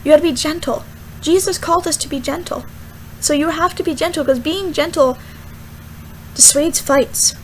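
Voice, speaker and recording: A young woman, a student, rambling casually through a Bible verse vlog with lots of fillers and animated asides. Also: sits high, moderate pace, pauses often, a little hiss or hum, rough recording. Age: young adult. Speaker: student vlogger.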